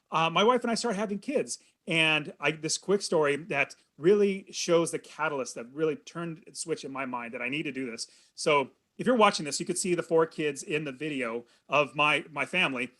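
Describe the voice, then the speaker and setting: Telling a personal story as an interview guest on a podcast, this thirty-something man from California comes across earnest and animated. He addresses his host plainly and warmly in a voice slightly high for a man.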